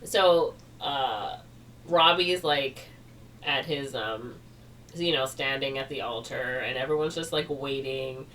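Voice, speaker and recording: Woman, low voice, rambling casual podcast chat, filler words, mic set back, faint hiss. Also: slow pace, a bit bright. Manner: rambling, filler-heavy with frequent "like" and laughs. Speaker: podcast co-host. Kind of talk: casual chat retelling a movie plot. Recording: distant mic with faint noise.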